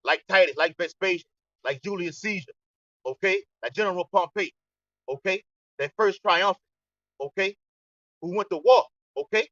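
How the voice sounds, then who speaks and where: A man's voice: high-pitched, moderate pace, long pauses, fairly bright tone, dry recording. A man teaching a scripture study group in a preaching style. He ends many lines with "okay?" and often stammers and restarts. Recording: distant, dull lo-fi, dry.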